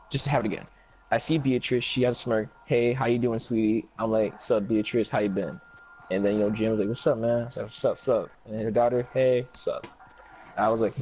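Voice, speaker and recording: A man with a somewhat low voice tells a rambling, profane story in relaxed, casual chat. He jumps between the story and quoted lines from the people in it, with a faint hiss behind him. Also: highs cut off.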